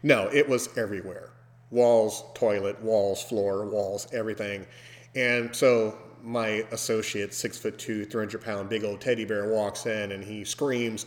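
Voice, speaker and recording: A man hosting a podcast, telling a story casually and breaking into loud, animated mimicry of screams. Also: fairly low pitch, unhurried. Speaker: podcast host. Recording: long hall reverb.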